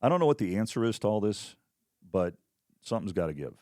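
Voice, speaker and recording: A man hosting a podcast, asking easygoing questions in a casual interview chat and giving quick agreeing replies. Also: fairly low pitch, sing-song, dark tone, dry recording, clean studio sound. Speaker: podcast host.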